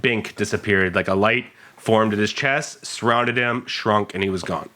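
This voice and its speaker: A man's voice: lowish voice, fairly even intonation, moderate pace, bright, forceful tone. A man narrating a tabletop game as game master in a casual, amused way.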